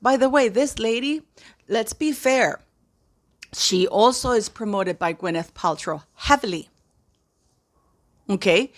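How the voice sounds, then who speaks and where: A woman's voice: on the high side, animated, takes it slowly, pauses often. A woman giving impassioned, indignant commentary to her viewers, often repeating phrases for emphasis. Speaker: commentary vlogger.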